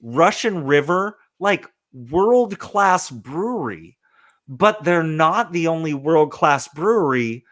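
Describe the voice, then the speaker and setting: A man hosting a casual podcast chat, ranting in an animated, profane way with lots of fillers. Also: a little high, slow. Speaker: podcast host.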